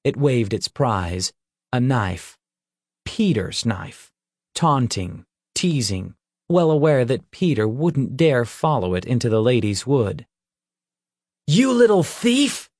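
A man reading a fantasy novel aloud as an audiobook narrator, with measured storytelling. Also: medium pitch, animated, darkish tone, dry recording, clean studio sound. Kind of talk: scripted narration.

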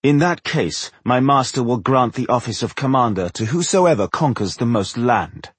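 A man voicing a cold, haughty male elf envoy who speaks barely courteously, with a husky voice. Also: mid-range voice, lively intonation, moderate pace, no echo. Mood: curt. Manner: barely courteous, take-it-or-leave-it tone.

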